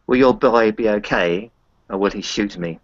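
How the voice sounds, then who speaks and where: A disfigured male vampire with courteous, formal phrasing, as a man voices him. The voice sits low, and the recording sounds dull and lo-fi. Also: normal speed, dry recording, natural voice. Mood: polite.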